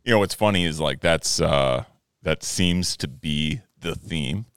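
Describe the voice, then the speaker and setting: A middle-aged man hosting a podcast, relaxed and reflective, with casual swearing. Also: extremely low pitch, unhurried, clean tone, no echo, clean studio sound. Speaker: podcast host. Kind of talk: casual chat.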